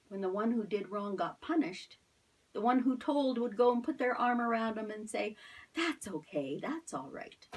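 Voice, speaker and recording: A middle-aged woman tells a Bible story to children as their Sunday school teacher. She keeps asking the kids questions and sometimes drops to a soft whisper. Her voice is slightly husky and picked up from a little way off the mic. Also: medium pitch, recorded from a distance, poor audio.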